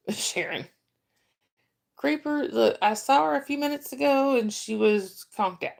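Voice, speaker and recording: A woman's voice: high-pitched, expressive, unhurried, gravelly, a little mellow. A woman from North Georgia with a Southern accent, chatting on a casual livestream, greeting viewers by name and laughing often. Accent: Southern American. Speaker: livestream host. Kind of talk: casual live-chat stream.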